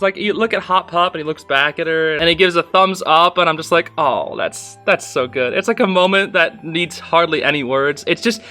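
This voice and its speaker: Excited young man gushing over an episode. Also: high voice. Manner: excited, gushing, repeats himself. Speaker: video reviewer. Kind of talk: casual episode review.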